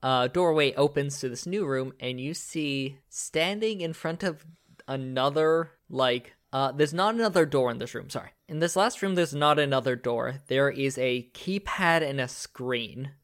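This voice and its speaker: A man's voice: medium pitch, a little slow, fairly bright tone, clean tone. A man running a tabletop game as game master, narrating loosely with many fillers and self-corrections.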